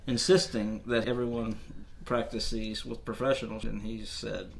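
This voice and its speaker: A man's voice: lowish voice, level tone, moderate pace, vocal fry, slight background noise. A man co-hosting a casual movie discussion, with a dry, teasing way of talking. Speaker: podcast co-host.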